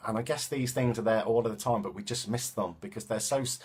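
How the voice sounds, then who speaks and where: Man, coventry accent, somewhat low pitch, reflective, hesitant, casual monologue. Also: steady tone, quick pace, husky. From England. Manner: thoughtful, hesitant with many ums and restarts. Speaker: vlogger and self-defense teacher.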